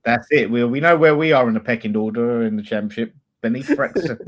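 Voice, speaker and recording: Male fan co-host, middle pitch, blunt and sweary. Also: animated, fairly quick. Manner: blunt, opinionated, swears freely. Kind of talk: casual football chat.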